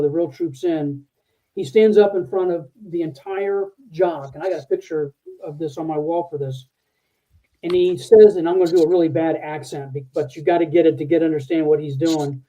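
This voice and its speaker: An older man, a retired military officer, telling a rambling, halting story as a podcast guest. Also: fairly high pitch, fairly even intonation. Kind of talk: conversational war story. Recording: tinny phone-like line.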